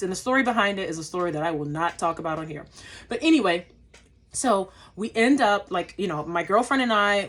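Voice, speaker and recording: A woman's voice: mid-range voice, a bit bright. A young woman, a flight attendant, telling a travel story in a casual vlog, acting out her own lines and using lots of fillers.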